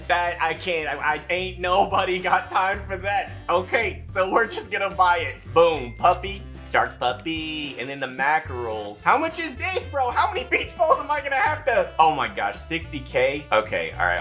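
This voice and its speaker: A man hosting a gaming video, giving excitable let's-play commentary full of gasps and exclamations. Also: high voice, moderate pace, few pauses, soft background music.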